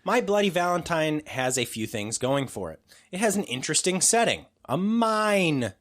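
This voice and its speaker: A man's voice: a little high, big pitch swings, moderate pace, fairly bright tone. A man hosting a podcast in casual chat, loose and joking, with lots of fillers. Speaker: podcast host.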